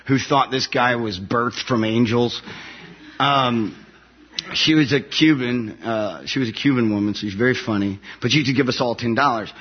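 A man with a husky, slightly breathy voice tells a story about coming home from war to a listening audience. He is animated and laughs often. The recording sounds a bit dull and muffled. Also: mid-range voice. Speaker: soldier sharing his story.

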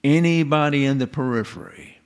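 Gravelly-voiced man lecturing. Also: medium pitch, fairly quick. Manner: folksy, digressive, asks rhetorical questions. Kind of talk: informal lecture.

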